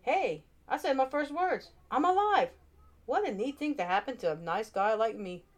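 A woman voicing a cheerful snowman come to life in a storybook reading, excited and bouncy. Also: mid-range voice, fairly quick, close to an everyday voice.

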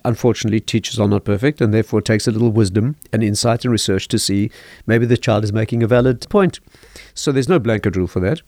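An older man, a rabbi, explaining parenting calmly in a podcast interview and telling stories. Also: fairly low pitch, no room sound. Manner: measured, storytelling, chuckles at own anecdotes. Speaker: rabbi, guest teacher.

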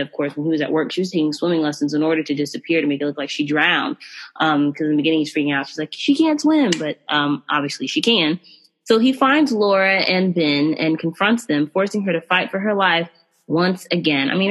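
A woman's voice: sits low, fairly bright tone. A woman hosting a podcast, chatting casually and animatedly about films, with frequent fillers and direct asides to listeners. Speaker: podcast host reviewing films. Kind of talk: casual chat.

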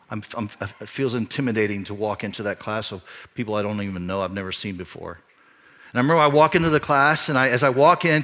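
A man's voice: medium pitch, pushed and bright. A middle-aged man, a pastor, telling a personal story in a sermon, earnest and rising to emphatic peaks. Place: church.

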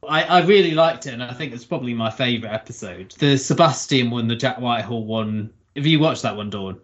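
A man's voice: mid-range voice, fairly quick, dull audio. A man hosting a podcast, steering the conversation with questions to his guests. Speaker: podcast host. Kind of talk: casual chat.

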